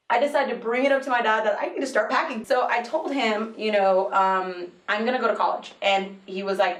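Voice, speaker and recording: Lively woman storyteller in a roomy room. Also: mid-range voice. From Mexican-American home in a colonia. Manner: lively, laughing, acts out quoted voices. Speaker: interview guest, university employee and alumna. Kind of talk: storytelling interview answers. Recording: roomy, from a distant mic.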